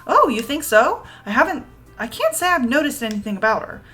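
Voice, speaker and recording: A woman reading the lines of a composed, polite schoolgirl club president in a calm, measured way. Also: sits high, faint music behind, voice pushed up, exaggerated voice.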